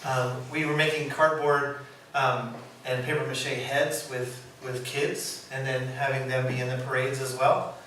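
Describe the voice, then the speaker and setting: A man telling puppet stories in an animated, informal way, laughing easily and acting out the lines as he goes. His voice sits in the middle range and rings around a very echoey room, picked up from a distance over steady noise. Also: mid-range voice, unhurried, few pauses. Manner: animated, laughs often, acts out quotes. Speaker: puppeteer giving a presentation. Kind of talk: informal storytelling talk. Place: presentation room. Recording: echoey room, mic far, background noise.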